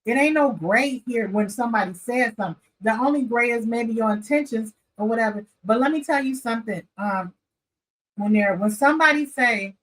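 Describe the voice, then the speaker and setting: Animated woman vlogger recapping a TV show. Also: on the high side, fairly quick, rough recording. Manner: animated and opinionated, talks straight to viewers. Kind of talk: casual chat.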